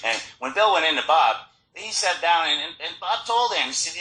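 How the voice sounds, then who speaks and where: A man's voice: fairly high pitch, moderate pace, hardly any pauses. Man sharing his story at a meeting. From Florida. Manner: storytelling, animated, frequent restarts. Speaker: recovery meeting speaker. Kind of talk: personal recovery talk. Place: meeting hall. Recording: echoey meeting hall.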